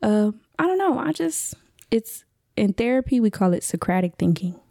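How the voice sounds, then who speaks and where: A woman's voice: on the high side, very animated, normal speed, gravelly, dark tone, dry recording, studio quality. A young woman and podcast guest in casual chat, telling a story and acting out the dialogue between laughs.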